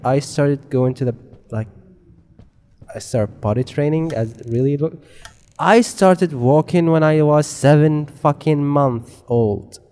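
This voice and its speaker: Slow, swearing man playing a horror game. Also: medium pitch, dark tone. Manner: rambling, swears constantly, self-mocking. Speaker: gamer. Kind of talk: casual let's play commentary.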